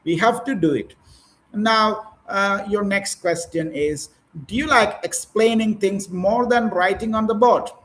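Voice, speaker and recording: A man's voice: high voice, unhurried, fairly bright tone, rough recording. A man leading an online training session for teachers, giving encouraging corrections with many fillers.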